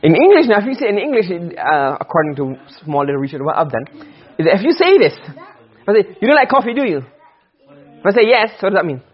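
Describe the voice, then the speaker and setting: Male grammar teacher, high husky voice, lo-fi room recording, lecturing and quizzing students. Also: very animated, a little fast. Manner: explains step by step, quizzes the class with questions. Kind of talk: classroom lecture.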